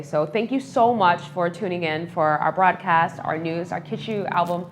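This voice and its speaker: A woman's voice: lowish voice, normal speed, few pauses, slight background noise. A woman hosting a casual entertainment news show, talking in a heartfelt, chatty way with lots of fillers.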